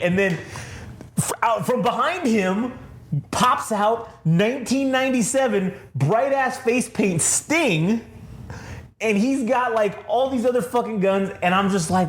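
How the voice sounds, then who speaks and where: A man's voice: sits high, expressive, a little slow, reverberant. A man co-hosting a podcast, telling a long, rambling story casually, swearing often and laughing through it. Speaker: podcast co-host.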